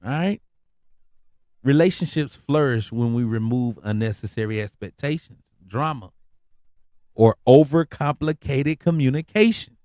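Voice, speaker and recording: A man's voice: mid-range voice, unhurried, dark tone, no room sound, studio quality. A man hosting a podcast, telling a story in a casual, laid-back way, full of slang and repeated phrases. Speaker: podcast host.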